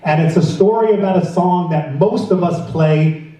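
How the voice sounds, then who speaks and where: A man's voice: high-pitched, moderate pace, dark tone. A man telling a casual music story to fellow DJs, chatty and self-deprecating. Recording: echoey room, voice from a distance.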